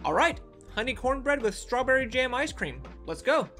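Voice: sits high, very animated, moderate pace, bright, forceful tone, soft background music. A food vlogger giving a casual taste-test review, upbeat and enthusiastic, talking straight to the viewers.

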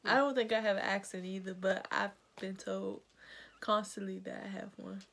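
A woman's voice: mid-range voice, flat delivery, normal speed, gravelly, a bit bright. A young woman from Washington, D.C., chatting in a laid-back, giggly way as the vlogger's sister. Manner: laid-back, giggly, reads questions aloud. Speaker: guest sister. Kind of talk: casual chat.

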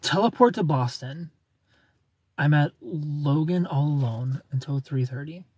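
A man's voice: fairly high pitch, measured pace, a little mellow, breathy edge. A tired man live streaming from an airport on his phone, rambling casually as he answers chat and thanks new followers. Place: airport terminal.

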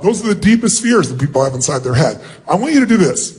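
His voice is fairly high, sing-song and a little mellow. He's a motivational speaker giving a live seminar to a large auditorium crowd, commanding them, asking for their responses, and acting out quick mock greetings.

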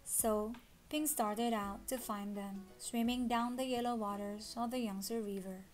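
A woman reading a children's story aloud, expressive with dramatic gasps. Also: on the high side, a little slow, soft background music. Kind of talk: children's read-along story.

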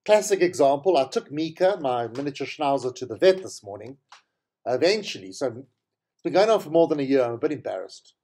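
Brief: chatty middle-aged male host, lively pitch, mellow tone, rambling with self-corrections. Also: fairly quick. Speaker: show host. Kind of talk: casual solo monologue.

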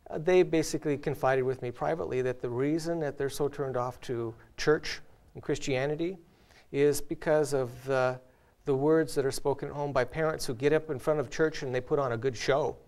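A man's voice: a little high, fairly even intonation, a little fast, a little mellow. A man hosting a casual spiritual discussion, earnestly telling illustrations from his own life. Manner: earnest storyteller, tells illustrations with light laughs. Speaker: host.

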